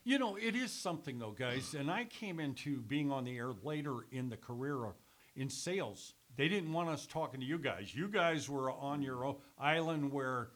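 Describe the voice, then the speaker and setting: An older man reminiscing about his radio days in a loose, animated way, cursing casually and laughing through his stories. His voice is bright and forceful at an ordinary pitch. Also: moderate pace. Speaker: former radio sales executive and sports announcer.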